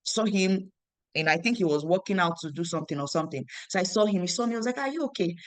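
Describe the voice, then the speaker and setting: A woman's voice: on the low side, fast, dry recording. A young woman tells a motivational story about her business, repeating phrases and acting out the dialogue. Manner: animated, repeats phrases, acts out quoted dialogue. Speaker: network marketing team leader.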